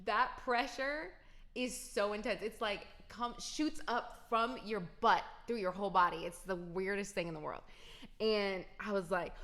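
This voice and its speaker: A slightly bright, mid-range female voice belongs to a young adult vlogger. Casual but emphatic, she tells her viewers a personal story while talking right to them.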